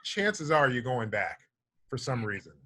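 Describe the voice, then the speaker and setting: Relaxed male host with a lively voice. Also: medium pitch, unhurried. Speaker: show host. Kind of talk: casual interview chat.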